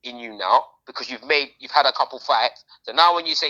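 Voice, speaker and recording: Fast, animated man, lo-fi sound. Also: fairly high pitch. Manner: animated, slangy, talks over others. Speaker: podcast co-host. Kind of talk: casual chat.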